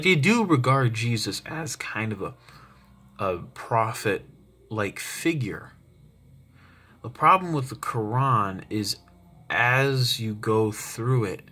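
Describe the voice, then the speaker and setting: A man's voice: fairly low pitch, sharp tone. A man giving an opinionated, rambling monologue at home as a commentary vlogger, often wandering into asides. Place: home, roommate nearby.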